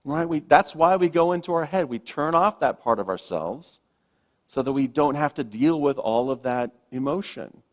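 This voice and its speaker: Male minister, slightly higher voice, gentle reflective sermon delivery, soft phrase endings. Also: animated, normal speed.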